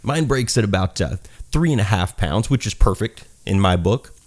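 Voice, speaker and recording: A man with a Southern accent talks through a review in a loose, rambling way, swearing freely and poking fun at himself. His voice sits a bit low. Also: animated, normal speed. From South Carolina, US. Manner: rambling, profane, self-mocking, laughs at own jokes. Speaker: gun reviewer. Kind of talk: casual review talk.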